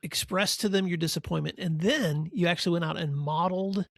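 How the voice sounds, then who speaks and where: A reflective male podcast host who affirms his guest and restates the guest's points. His voice is slightly husky and a little high, recorded close and dry with no room sound. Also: a little fast, dry recording. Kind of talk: interview host questions.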